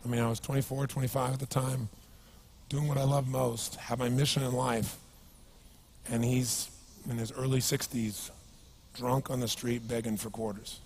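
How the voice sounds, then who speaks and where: A man giving a motivational seminar talk to a live audience, energetic and emphatic, telling stories and asking the crowd rhetorical questions. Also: medium pitch, normal speed, slight background noise. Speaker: motivational speaker.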